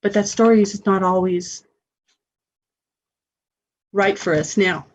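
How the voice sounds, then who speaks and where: A woman's voice: medium pitch, takes it slowly, muffled recording. A woman hosting a spiritual self-help radio show, talking in an earnest, encouraging way.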